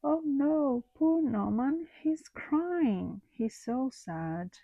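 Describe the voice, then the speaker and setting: A woman voicing a chorus of excited little female worker bees who squeak and gasp. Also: very slow, gravelly, no echo, highs cut off, heavily acted. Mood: sorrowful.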